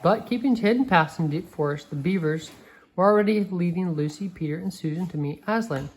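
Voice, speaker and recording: A woman reading a picture book aloud to a child, gentle and expressive, with a few slips and restarts. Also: lowish voice, brisk, low-quality recording. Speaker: reader.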